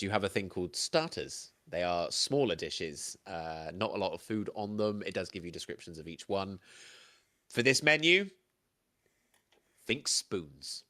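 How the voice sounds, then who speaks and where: A man's voice: low voice, pushed and bright. A man running a tabletop game as game master, narrating scenes in a chatty, laughing way.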